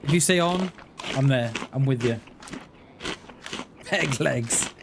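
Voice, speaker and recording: A man's voice: mid-range voice, moderate pace, background noise. A man chatting playfully with viewers while livestreaming a game. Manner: playful, jokey banter with chat. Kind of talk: casual chat while gaming.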